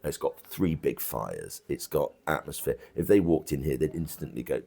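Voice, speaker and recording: A man's voice: very deep voice, animated, normal speed, gravelly, dark tone, slightly rough. A man who runs a pub, talking casually in an interview, blunt and chatty, with lots of restarts and asides. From England. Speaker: pub landlord. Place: country pub bar.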